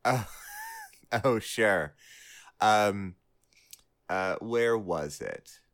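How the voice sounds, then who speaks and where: A man's voice: fairly low pitch, lively intonation, very slow, a bit bright, dry recording, studio quality. A man co-hosting a casual chat, rambling and cutting himself off as he laughs. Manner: rambling, self-interrupting, laughing. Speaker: podcast co-host.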